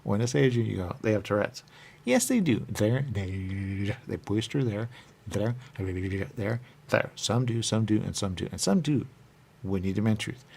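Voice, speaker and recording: A man's voice: fairly low pitch, measured pace, gravelly, darkish tone. A man talking on in a rambling, repetitive monologue as a radio show host, looping back to the same catchphrases.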